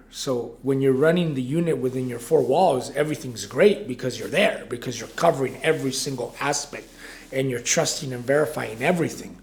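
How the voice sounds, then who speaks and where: This is a man in his forties, a restaurant operations director, speaking casually in an interview. His voice has a gravelly edge at an ordinary middle pitch. He rambles, trips over restarts and keeps checking in with "right?". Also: normal speed. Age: 40s.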